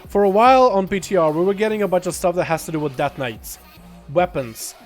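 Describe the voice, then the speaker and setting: A man's voice: high-pitched, fairly quick, soft background music. A young man casually commentating his game livestream, laid-back, laughing often and swearing casually. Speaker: gaming streamer.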